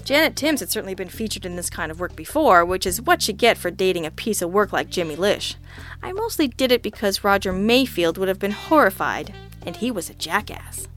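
A woman reading the lines of a wry, deadpan male detective partner in an audiobook, with dry, offhand quips. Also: mid-range voice, fairly quick, faint music behind.

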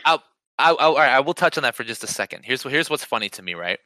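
Man, podcast co-host, casual sports chat, animated, excitable, very bright forceful tone, dry close sound. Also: medium pitch, fast, no echo. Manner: animated, excitable, repeats words when starting sentences.

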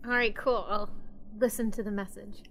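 A woman playing a tabletop game, talking in an unhurried way with pauses and fillers. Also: medium pitch, steady tone, a bit bright, rough recording. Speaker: player. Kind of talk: casual tabletop play.

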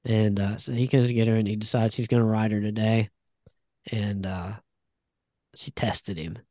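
Relaxed guy rambling through a story, mellow voice, dry sound. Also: lowish voice, moderate pace, no echo. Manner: laid-back, rambling, with many fillers. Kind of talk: casual chat.

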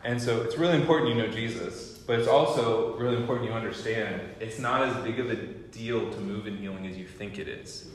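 A young man giving a guest teaching at a training school, telling stories in an animated way and acting out what people said. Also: fairly low pitch, brisk, hardly any pauses. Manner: animated storyteller acting out quotes. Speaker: guest lecturer. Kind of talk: storytelling sermon. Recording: echoey hall with long reverb.

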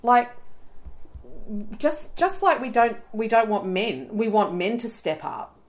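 A woman co-hosting a podcast tells stories in casual conversation and laughs a lot. She speaks slowly but animatedly in a higher voice, on a rough recording.

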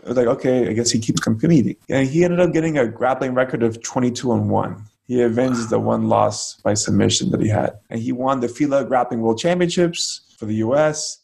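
Gravelly-voiced male martial arts coach. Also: medium pitch, darkish tone. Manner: casual, loose, many fillers. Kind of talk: telling a story in an interview.

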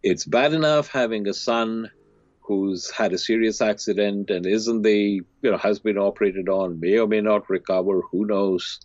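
Low-voiced man, animated storyteller. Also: normal speed, no echo. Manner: animated storyteller, voices characters with big pitch swings. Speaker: podcast guest, teacher. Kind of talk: storytelling in conversation. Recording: dry, slightly dull lo-fi sound.

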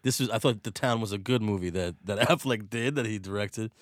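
A man chatting casually about movies, telling stories with sudden bursts of excitement and some swearing. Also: lowish voice, brisk, dry recording, clean studio sound.

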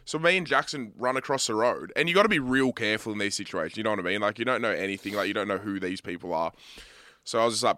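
A young man in his twenties with an Australian accent, co-hosting a podcast and telling a sweary, animated story in casual chat. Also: lowish voice, fast talker, no room sound, clean studio sound. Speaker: podcast co-host.

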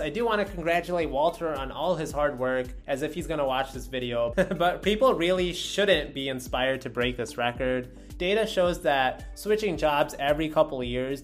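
A man hosting a video, reading an article aloud with wry, joking asides in casual commentary. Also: a little high.

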